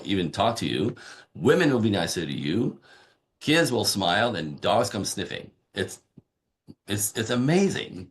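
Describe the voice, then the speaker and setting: A man, a relationship coach, talking casually on a podcast and acting out little dialogues from his stories. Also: fairly low pitch. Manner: animated storyteller acting out dialogue. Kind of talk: conversational podcast interview.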